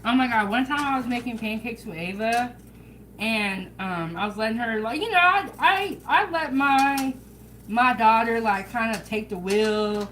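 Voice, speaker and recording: A woman's voice: fairly high pitch, measured pace, slight background noise, low-quality recording. Chatty woman hosting a home cooking vlog. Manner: chatty, relaxed, addresses viewers directly. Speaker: home cooking show host. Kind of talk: casual cooking vlog chat. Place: home kitchen.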